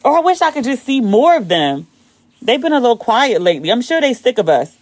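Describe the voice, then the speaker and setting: Animated woman chatting on a phone mic. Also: a little fast, no echo, clean studio sound. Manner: animated, swearing, jumps high when excited. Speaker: podcast host. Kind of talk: casual chat.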